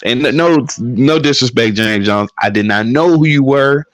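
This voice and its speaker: A man hosting a casual sports chat with friends, telling profane, animated stories. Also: mid-range voice, unhurried, dry recording. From Milwaukee, Wisconsin. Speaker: podcast host.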